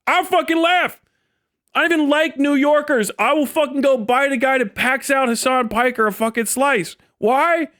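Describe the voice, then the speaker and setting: A man's voice: very high voice, moderate pace, fairly bright tone, dry recording, studio quality. A man giving profane, heated livestream commentary, swinging into mocking impressions. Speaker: livestream host.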